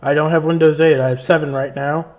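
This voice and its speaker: A man's voice: fairly high pitch, fairly even intonation, quick pace, a little mellow. A man playing in a tabletop game, chatting in an easygoing way. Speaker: player. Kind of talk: casual chat among players.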